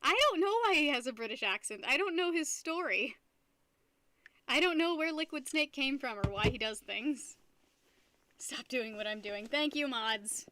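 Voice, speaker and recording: A woman's voice: high voice, lively intonation, moderate pace, sharp tone. A young woman streamer chatting casually with her viewers, playful and giggly, often laughing at herself. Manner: playful, giggly, self-mocking. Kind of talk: casual live-stream chat.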